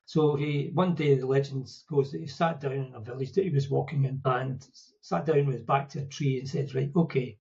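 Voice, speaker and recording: Scottish man with a dark, mellow voice. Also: mid-range voice, steady tone, a little fast, creaky, highs cut off. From Scotland. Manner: conversational storytelling with asides and quips. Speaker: podcast guest explaining Buddhist ideas. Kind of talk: casual explanatory talk.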